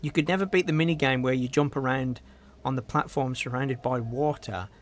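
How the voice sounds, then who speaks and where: Brisk and medium-pitched, a young man from Britain chats on his gameplay livestream as game music plays. He rambles, reads chat out loud, says um often, and keeps fighting off hiccups.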